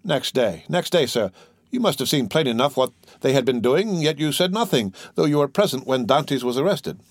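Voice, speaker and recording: A stern, probing priest from a storybook, as a male reader puts him on, pushing hard for the truth. His pitch sits in an ordinary middle range. The sound is close and dry, with no room echo. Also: lively intonation, normal speed, natural voice. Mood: accusing. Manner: probing, pressing. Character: intense disguised priest questioning a witness.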